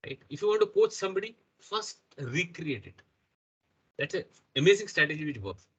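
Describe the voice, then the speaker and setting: A man's voice: on the high side, big pitch swings, a little fast, fairly bright tone, husky, dull audio. A middle-aged man with an Indian English accent leads an interactive workshop, often checking in with the audience by asking "right?" and "okay?". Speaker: workshop trainer.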